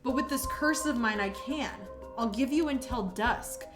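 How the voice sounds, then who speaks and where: A cruel, taunting male killer with a sneering, profane delivery, as a woman reads him aloud. He speaks a little high for a man, with music behind the voice. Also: moderate pace, natural voice. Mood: gloating. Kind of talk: reading a game's dialogue aloud.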